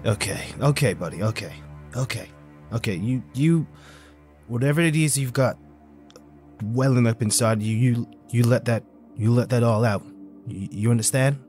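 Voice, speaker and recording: A man playing a tabletop game, talking in character with lively, pleading energy. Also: medium pitch, moderate pace, pauses often, faint music behind. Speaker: player. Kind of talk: casual tabletop role-play.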